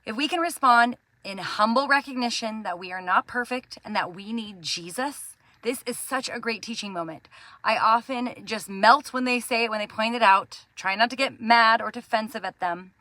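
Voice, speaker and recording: Woman, Christian parenting host, earnest and gentle, bright tense voice, dry close sound. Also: fairly high pitch, no echo. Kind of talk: devotional talk to camera.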